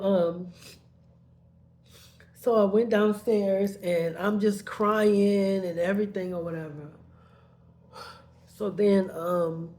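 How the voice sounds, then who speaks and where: A woman's voice: lowish voice, darkish tone, a little hiss or hum. A woman telling a painful personal story in a rambling way, heated at first and then subdued, sometimes tearful.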